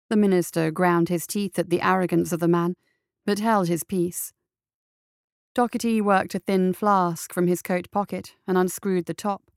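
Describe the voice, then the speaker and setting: A woman narrating an audiobook in a steady, measured storytelling manner. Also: on the low side, clear, resonant tone, no echo, clean studio sound.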